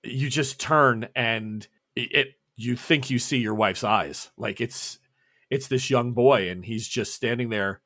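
Man, game master, casual tabletop narration, loose and rambling, medium pitch. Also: slow pace, fairly bright tone. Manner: rambling, filler-heavy, many restarts.

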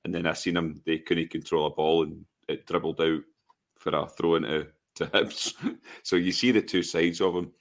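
A Scottish man with a very deep voice that stays level, chatting about football on a podcast. He talks in a laid-back way and laughs easily. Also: steady tone, moderate pace. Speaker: podcast co-host. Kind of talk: casual football chat.

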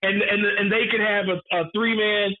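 Man, higher voice, emphatic casual film-talk co-host; tinny phone-quality audio. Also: level tone, normal speed. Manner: emphatic, repeats points for effect, swears freely.

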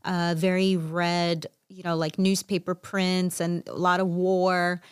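A woman's voice: lowish voice, little pitch movement, takes it slowly, clear, resonant tone, no room sound, clean studio sound. A woman from Chicago co-hosting a casual chat, explaining things in a chatty way with fillers like "um" and "you know". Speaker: podcast co-host.

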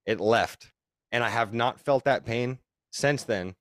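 A man's voice: mid-range voice, a little slow, a bit bright. A young man casually telling a long story on a podcast, rambling and swearing, with emphatic repeats. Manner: rambling, profane, emphatic retelling.

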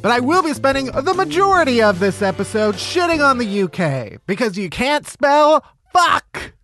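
A man's voice: very high-pitched, very animated, moderate pace, fairly bright tone, soft background music. A man hosting a comedy podcast in a studio, ranting in a sarcastic, profane way. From Chicago, US. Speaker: podcast host. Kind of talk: casual comedic chat.

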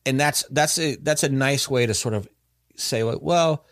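A podcast host tells a story in casual chat, rambling, restarting often, and using lots of fillers. His voice is medium-pitched and a bit bright at a moderate pace, recorded dry with clean studio sound.

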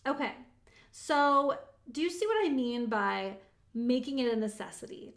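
A young woman talks in a casual, motivational way, with a voice sitting a little higher than most. She is chatty and emphatic and scatters "like" through her sentences. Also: animated, unhurried. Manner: chatty, emphatic, many "like" fillers. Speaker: motivational speaker on manifesting.

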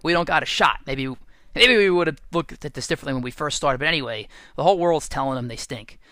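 A man who coaches football, giving an energetic, animated motivational talk full of stories and restarts. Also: medium pitch, fast talker, no echo.

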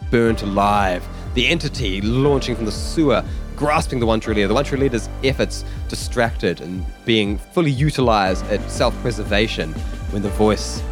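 A man narrating a tabletop game as game master in a measured, descriptive way. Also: fairly low pitch.

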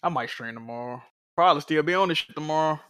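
A man on a casual podcast who talks in relaxed slang while distracted by a video game. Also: fairly high pitch, fast, clean tone.

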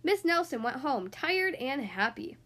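Woman reading a kids' picture book aloud, high and lively voice. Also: measured pace. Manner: animated, expressive storytelling. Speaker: storybook reader.

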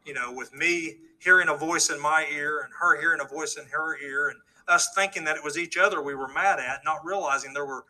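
Earnest man telling a bright-toned testimony. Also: a little high, a little fast, hardly any pauses, rough recording. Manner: earnest storytelling, acts out quoted dialogue. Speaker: speaker giving a testimony. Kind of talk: testimony story told to a live audience.

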